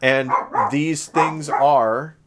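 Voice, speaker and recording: There's heavy background noise as a man from Southern Illinois co-hosts a podcast, rambling casually with lots of fillers, restarts, and self-corrections. His voice is on the high side, fairly even in intonation, with drawn-out words.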